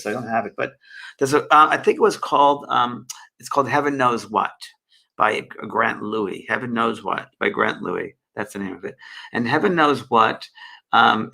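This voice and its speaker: A man hosting a live spiritual session, answering viewers' questions in a gentle, rambling way. His voice has a gravelly texture and a bright, forward tone. He stops often with fillers and restarts his thoughts. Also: mid-range voice. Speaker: spiritual medium and host. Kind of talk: live online Q&A and guidance.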